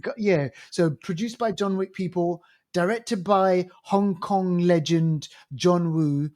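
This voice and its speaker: A man's voice: high voice, takes it slowly, a little mellow. A man with a London accent co-hosting a film podcast, chatting casually and rambling with lots of fillers and restarts. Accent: London English. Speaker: podcast co-host.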